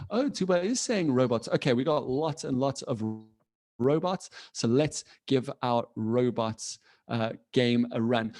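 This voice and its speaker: Man, mid-pitched, for a cheerful online class teacher on a video call. Encouraging, casual, laughs a lot. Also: darkish tone. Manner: friendly, encouraging, laughs often; casual, with fillers and restarts. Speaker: coding teacher for children.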